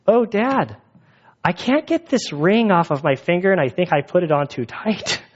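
High-pitched frightened little girl, put on by a male preacher, dull muffled recording. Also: expressive, normal speed, husky. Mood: worried. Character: little girl, scared, pleading to her dad.

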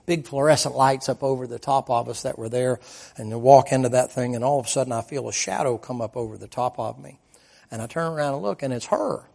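A man's voice: medium pitch, fast, vocal fry, darkish tone. A man preaching a sermon as a vivid, folksy story, dropping "man" and "boy" into his sentences.

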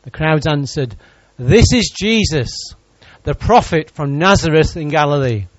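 A man's voice: on the high side, lively intonation, a little slow, dry recording, muffled recording. A man preaching a sermon in church, reading scripture and joking with the congregation.

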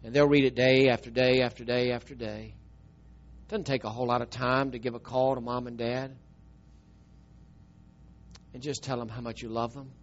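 A middle-aged man, preaching a storytelling sermon and swinging from emphatic, loud telling to a soft, tearful hush. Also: medium pitch, level tone, moderate pace, long pauses, muffled recording.

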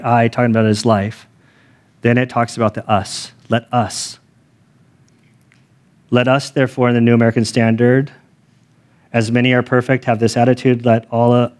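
A middle-aged man delivering a sermon as pastor, conversational and animated, weaving in personal stories. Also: mid-range voice.

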